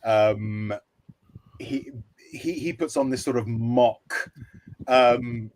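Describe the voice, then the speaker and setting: A man's voice: medium pitch, very slow, darkish tone, poor audio. A man co-hosting a casual fan chat, rambling with many fillers and restarts, laughing often. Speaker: co-host.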